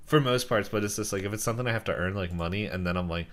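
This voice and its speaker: A man's voice: fairly low pitch, rapid-fire, fairly bright tone. A man co-hosting a podcast, chatting casually, rambling through thoughts with lots of fillers and laughing mid-sentence. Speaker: podcast co-host. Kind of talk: casual chat.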